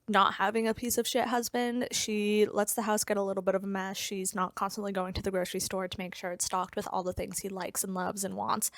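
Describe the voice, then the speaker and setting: A woman's voice: mid-range voice, no room sound, studio quality. A young woman giving a casual, blunt plot recap of a book, with profanity and sarcastic asides. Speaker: book reviewer.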